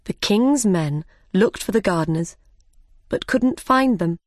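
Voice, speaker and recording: A woman's voice: fairly low pitch, animated, takes it slowly, dry recording, clean studio sound. A woman reading a simplified storybook aloud as narrator.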